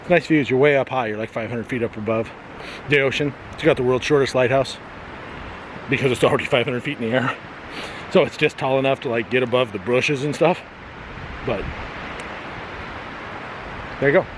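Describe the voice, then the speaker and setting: A man's voice: mid-range voice, fairly quick, long pauses. A man vlogging casually on a coastal cape, joking dryly with sarcastic asides and at times out of breath from a steep hill. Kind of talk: casual vlog narration. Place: outdoors on a windy coastal cape. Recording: noisy outdoor camera audio.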